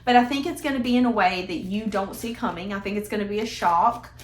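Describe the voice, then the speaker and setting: A woman's voice: medium pitch, quick pace, slight background noise. A woman giving a casual tarot reading in a chatty, emphatic, conversational way. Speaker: tarot reader. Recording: echoey room.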